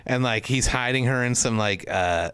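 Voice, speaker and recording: A man co-hosting a podcast from a studio, telling stories in crude, excitable casual chat full of fillers. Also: mid-range voice, moderate pace, smooth. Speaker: podcast co-host.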